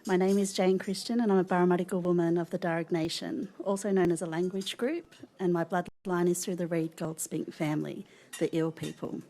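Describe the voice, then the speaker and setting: A woman delivering a formal welcome to country address at a public event, measured and formal. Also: on the low side, fairly even intonation, mellow. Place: parliament function hall.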